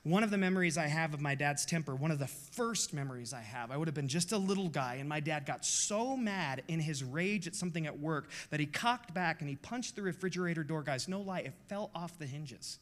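A man's voice: on the high side, lively intonation, fairly quick, few pauses, fairly bright tone. A pastor in his forties preaching a sermon in a passionate, confessional, emphatic way.

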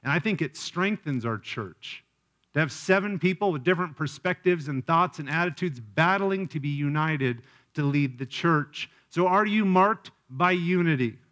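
A male pastor delivering a sermon in a somewhat high voice. He speaks earnestly and personally, often turning to the congregation with direct questions. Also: animated, normal speed, a bit bright. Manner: earnest preaching with frequent rhetorical questions.

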